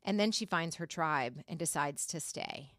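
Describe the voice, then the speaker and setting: Low-voiced woman hosting, reflective. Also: moderate pace, fairly bright tone, no echo, studio quality. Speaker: episode host. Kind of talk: reflective personal narration.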